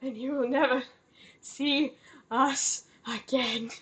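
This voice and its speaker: A woman's voice: sits high, fairly even intonation, takes it slowly. A woman voicing a grief-crazed young noblewoman who wails, screams and sobs a prophecy of doom at a tabletop game. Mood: wailing prophecy. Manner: wailing, screaming and sobbing.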